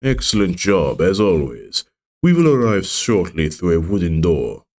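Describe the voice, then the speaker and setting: A man voicing a smooth, chilling male boss with a Romanian accent, measured and commanding. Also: low voice, big pitch swings, a little mellow, exaggerated voice.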